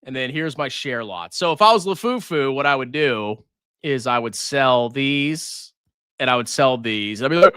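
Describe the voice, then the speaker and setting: Man, sarcastic livestream host, lively pitch swings, dry close sound. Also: normal speed, pauses often, clean tone, dry recording. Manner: sarcastic, mocking, excitable. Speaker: personal finance streamer. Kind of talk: casual livestream commentary.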